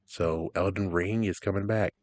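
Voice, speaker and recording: A young man casually commenting on game announcements, rambling, ranting loudly at times and then trailing off into mumbles. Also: deep voice, steady tone, moderate pace, no room sound. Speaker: gaming vlogger.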